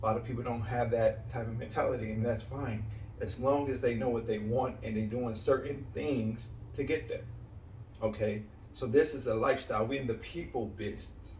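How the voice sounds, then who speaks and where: A man's voice: mid-range voice, fairly even intonation, moderate pace. A man giving a blunt, direct motivational coaching talk to people starting cleaning businesses. He punctuates his points with "right?" and "okay?" and repeats key lines for emphasis. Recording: roomy sound from a distant mic with faint background noise.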